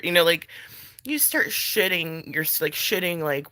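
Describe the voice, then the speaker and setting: A woman's voice: low voice, sing-song, brisk, bright, forceful tone. A pregnant woman vlogging in casual chat, blunt and chatty, swearing freely and laughing between thoughts.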